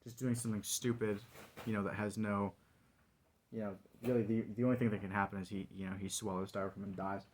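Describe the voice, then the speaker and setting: A man's voice: on the low side, little pitch movement, fast talker, darkish tone. A man vlogging alone in a wry, rambling monologue full of fillers. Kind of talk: casual solo monologue.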